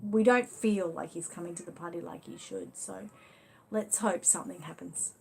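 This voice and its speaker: An Australian woman hosts a casual livestream, reading viewer comments and answering them as she goes in a loose, chatty way. Her voice is fairly low with vocal fry and a darkish tone, at a moderate pace, and her talk is full of "you know" fillers and friendly asides. There's slight background noise.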